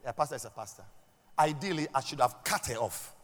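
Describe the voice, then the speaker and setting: A man preaching a sermon as pastor, emphatic and stammering, with a voice that swings from loud to soft. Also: mid-range voice, animated, fairly quick. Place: church hall. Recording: reverberant church hall with music.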